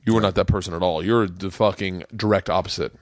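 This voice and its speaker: A man's voice: deep voice, fast, no echo, studio quality. A middle-aged man hosting a podcast, chatting casually and acting out the voices in his stories, cursing often. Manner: animated storytelling, swearing freely, acting out quotes. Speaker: podcast host. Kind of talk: casual chat.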